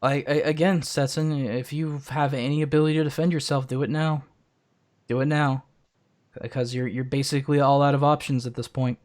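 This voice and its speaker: A man's voice: mid-range voice, level tone, brisk, a little mellow. A man hosting a stream, angrily berating someone over a voice call with profane insults. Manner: angry, profane, berating ranting. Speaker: stream host. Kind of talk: heated voice-call stream argument.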